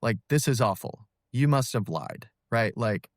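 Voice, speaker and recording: A man in his thirties telling his personal story as a podcast guest, earnest and halting, with many fillers and restarts. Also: mid-range voice, animated, no echo, studio quality. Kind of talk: personal testimony in an interview.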